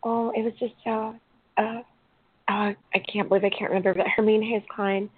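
A woman's voice: medium pitch, little pitch movement, fairly quick, husky, dry recording. A woman hosting an interview podcast, emotional and rambling with many fillers as she tells stories. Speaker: podcast host. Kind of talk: casual interview chat. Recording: tinny call audio.

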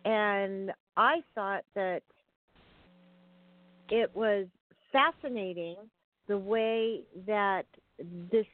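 A woman's voice: mid-range voice, drawn-out words, long pauses, dry recording. A woman hosting a casual chat about films, chatty and often searching for words. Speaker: podcast host. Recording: tinny phone-like sound.

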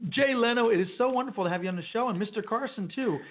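A man's voice: extremely high pitch, racing. A man hosting a call-in radio interview, effusive and enthusiastic. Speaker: radio host. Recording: tinny phone-quality audio with faint noise.

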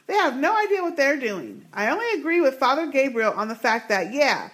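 A woman's voice: high-pitched, big pitch swings, a little fast, fairly bright tone. A woman co-hosting a podcast in casual chat, blunt and profane, often laughing. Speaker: podcast co-host.

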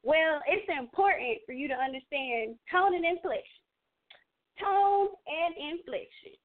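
A woman hosting a casual radio chat, animated and playfully switching voices. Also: high-pitched, a little slow. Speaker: show host. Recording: tinny phone-line sound.

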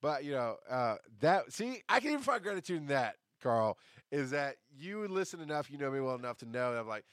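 A man's voice: medium pitch, sing-song, fairly quick, a bit bright, no room sound, studio quality. A man hosting a podcast in a casual, rambling monologue. He swears freely and breaks off to answer live chat comments. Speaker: podcast host.

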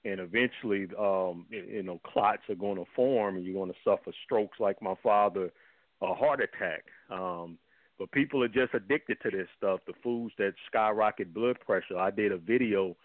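A man's voice: on the low side, normal speed, dry recording. A man speaking as a health guest on a radio talk show, blunt and heated in his manner. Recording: tinny phone line, dry.

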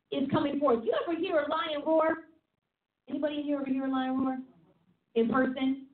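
A woman hosting a faith talk show, preaching in an animated, fired-up way and laughing often. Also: a little high. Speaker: host and preacher. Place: office studio. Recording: tinny phone-like sound in an echoey room.

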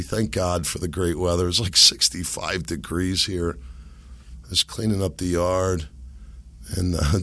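Hoarse, gravelly-voiced man podcasting. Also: low-pitched, pushed and bright, dry recording. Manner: rambling, self-amused, laughs at own jokes. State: hoarse, sick voice. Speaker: podcast host. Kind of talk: casual solo podcast monologue. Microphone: desk microphone.

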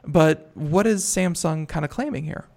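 Man, podcast host, gravelly fry, slightly high voice, relaxed, steers the chat. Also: normal speed. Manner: steers the talk, relaxed, tells anecdotes.

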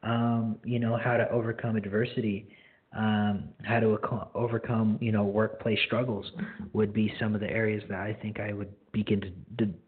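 A man's voice: fairly low pitch, level tone, moderate pace, slightly rough. A man in his twenties hosting a ministry radio show, sharing a friendly, straightforward and rambling spoken testimony. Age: 20s. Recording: phone-like lo-fi line.

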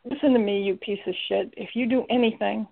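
A woman's voice: on the high side, steady tone, brisk, gravelly. A woman voicing an intense young male demon who speaks earnestly and urgently. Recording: tinny lo-fi recording.

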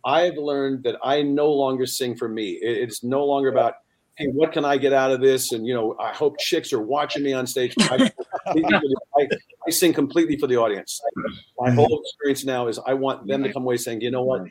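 A man's voice: medium pitch, fairly even intonation, fairly quick, a little mellow. Chatty male singer telling stories. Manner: chatty storyteller, acts out voices in jokes. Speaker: singer and guest. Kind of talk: casual chat with jokes.

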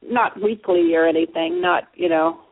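A woman calling in to a radio show, warm and appreciative. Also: on the low side, moderate pace. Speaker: caller. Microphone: phone. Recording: phone-line sound.

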